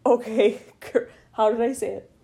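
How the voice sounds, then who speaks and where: A middle-aged woman co-hosting a podcast, chatting casually and telling stories with lively acted-out voices. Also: on the high side, a little slow. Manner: animated storytelling, acts out voices. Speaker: podcast co-host. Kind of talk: casual chat.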